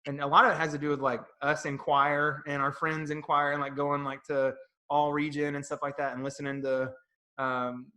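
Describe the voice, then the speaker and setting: Picture a middle-aged man with a bright, forceful voice sitting somewhat high for a man. He is chatting casually on a music podcast. He rambles through animated stories about his younger years. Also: moderate pace. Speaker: podcast co-host. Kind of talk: casual chat.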